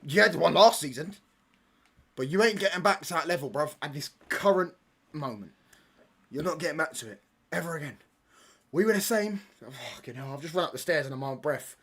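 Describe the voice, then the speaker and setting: A young man holds forth on football during a live stream from home, talking a little higher than most men. He rambles, trades jabs with his chat and throws in plenty of slang. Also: lively intonation, fairly quick, long pauses, fairly bright tone, breathy edge. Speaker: livestream watchalong host.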